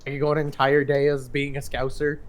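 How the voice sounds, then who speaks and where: A man's voice: medium pitch, monotone, fairly quick. A man with a Southern US accent, a chef, chatting jokily with friends and playing with his voice. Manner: jokey, drawling, fond of doing voices. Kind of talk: casual chat among friends.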